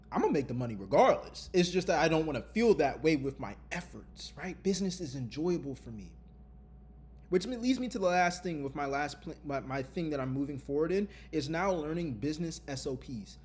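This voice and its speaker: A man vlogging openly to his viewers, earnest and lively, often repeating his phrases. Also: on the high side, slight background noise. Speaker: content creator. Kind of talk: candid vlog talk.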